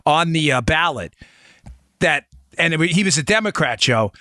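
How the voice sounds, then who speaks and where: Animated male podcast host, dry studio. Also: normal speed, no echo. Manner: animated, conversational, swings between low asides and high emphasis. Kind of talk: political talk show with ad read.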